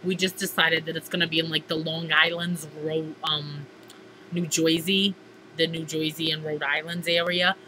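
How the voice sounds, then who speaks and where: A woman's voice: low-pitched, flat delivery, normal speed, pushed and bright, a little hiss or hum, poor audio. A teenage girl chatting casually in a diary-style vlog, gushing and theatrical, filling her talk with "like". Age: teens. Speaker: vlogger.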